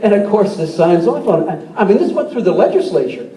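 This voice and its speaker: Older man in his sixties, politician on stage, joke-telling stump speech, high voice, roomy hall with an audience. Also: very animated, fairly quick, dark tone. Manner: folksy, tells jokes, repeats words. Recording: echoey hall, distant mic, crowd noise.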